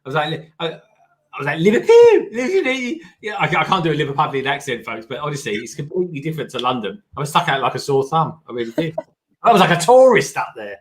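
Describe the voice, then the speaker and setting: A man's voice: fairly high pitch, expressive, fast talker. A man guesting on a livestream, chatting casually in a hesitant, easygoing way. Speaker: co-host guest.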